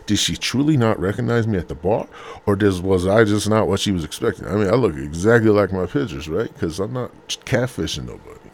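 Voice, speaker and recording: A man's voice: lowish voice, lively intonation, fairly quick, slight background noise. A man hosting a podcast from his bed at home, talking casually in a rambling, profane, slangy way. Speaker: podcast host.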